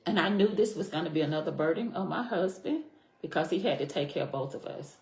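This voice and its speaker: A middle-aged woman with a very low, deep voice tells her own story as a podcast guest. She speaks earnestly and from the heart, repeating key phrases for weight. The sound has a noticeable echo from the room. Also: expressive, quick pace, darkish tone. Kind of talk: personal story in a podcast interview. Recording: echoey room.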